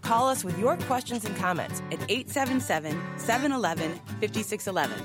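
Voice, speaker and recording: A woman's voice: mid-range voice, expressive, fairly quick, music in the background. A woman giving a scripted radio show announcement in an upbeat, polished manner.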